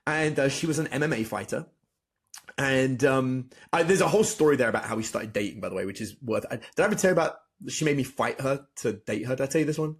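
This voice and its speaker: A man, a dating coach, telling animated stories as a podcast guest, acting out both sides of past conversations. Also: medium pitch, quick pace. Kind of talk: storytelling in a podcast interview.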